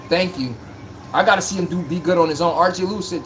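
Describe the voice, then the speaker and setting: Joking high-voiced stream host. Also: male voice, fast, slight background noise. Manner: joking, rambling, slangy. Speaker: livestream sports podcast host. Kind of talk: casual live-stream chat.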